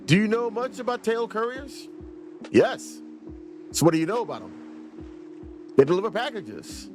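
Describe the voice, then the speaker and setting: A man's voice: sits high, big pitch swings, measured pace, long pauses. A man casually reviewing an indie game and reading its dialogue aloud in a playful way. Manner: playful, reads game dialogue in silly voices. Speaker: let's play reviewer. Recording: game music playing behind voice.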